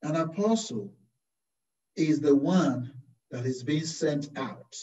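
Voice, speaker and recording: A man, a Carmelite priest, preaching a slow, deliberate sermon full of rhetorical questions. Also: a little high, animated, warm tone. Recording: distant, roomy, dull-sounding recording.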